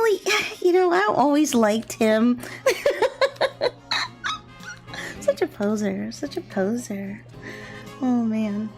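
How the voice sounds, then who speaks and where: A young woman chats casually on a drawing livestream, rambling from one thought to the next. She keeps her voice low and soft at an ordinary middle pitch. Quiet, gentle music plays faintly behind her. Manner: rambling, chatty, talking deliberately low and soft. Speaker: VTuber streamer and illustrator. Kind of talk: relaxed casual chat while drawing on stream. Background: faint gentle background music.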